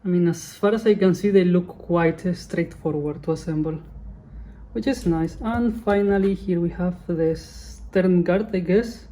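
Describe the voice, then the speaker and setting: A woman's voice: on the low side, a little slow, dark tone. A woman hosting her channel, giving casual unboxing commentary in a chatty way and often correcting herself. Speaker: channel host.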